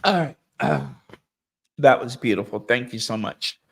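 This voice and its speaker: A man hosting a live stream, slowly reading member messages and thanking them, and he gets openly emotional and effusive. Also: medium pitch, very animated. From United States.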